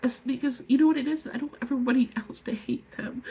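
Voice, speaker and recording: A woman in her fifties speaking to viewers in an emotional personal vlog, angry and tearful, halting as she pours out her feelings. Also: sits high, fairly even intonation, warm tone, rough recording. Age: 50s. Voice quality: gravelly, very husky voice. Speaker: vlogger.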